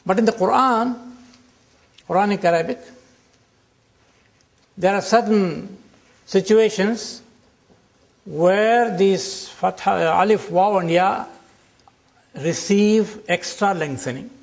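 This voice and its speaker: Older guy teaching a class, high-ish gravelly voice, stretches out words slow. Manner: slow, deliberate explaining with drawn-out example words. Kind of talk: classroom lecture.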